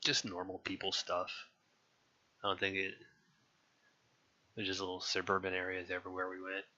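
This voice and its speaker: Deep flat-voiced man, frank and rambling. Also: moderate pace. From California. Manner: rambling, frank, profane, many restarts. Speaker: interviewee. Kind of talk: casual personal recollection. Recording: dull lo-fi sound.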